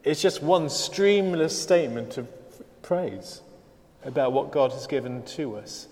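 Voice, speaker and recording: Male preacher, sermon delivery, dry humour, emphatic build-ups, mid-pitched, long hall reverb. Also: animated, measured pace, a little mellow. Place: church service.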